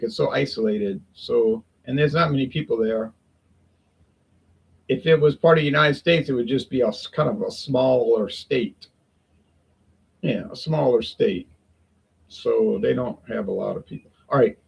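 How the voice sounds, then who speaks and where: Casting: gravelly, husky-voiced man, rambling folksy vlog chat at home. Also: medium pitch, normal speed, poor audio. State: sweating in the heat. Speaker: beer review vlogger. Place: home in Toronto, windows open.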